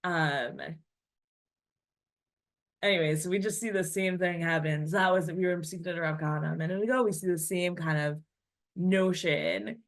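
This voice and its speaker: A woman teaching a class on classical texts, reading passages aloud and translating them in a chatty, animated way. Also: fairly low pitch, moderate pace, long pauses. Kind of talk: text study class.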